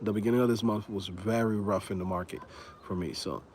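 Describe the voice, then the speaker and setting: A man's voice: on the low side, fairly even intonation, fairly quick, darkish tone, slight background noise. A man in his thirties hosting a casual livestream, talking in laid-back slang and laughing often. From Dominican heritage. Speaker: livestream host.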